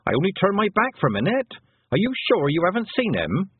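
A frantic farm mother firing off urgent demands, as a male narrator puts her on. Her husky voice rises high in pitch. The sound is tinny and dry. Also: wildly swooping pitch, fast, no room sound, heavily acted. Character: panicked farm mother searching for her son.

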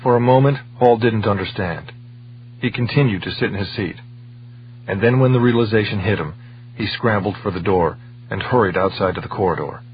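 A man narrating a novel in a measured, steady storytelling voice, on a dull lo-fi recording with a faint hum. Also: fairly low pitch. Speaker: audiobook narrator. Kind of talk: scripted narration.

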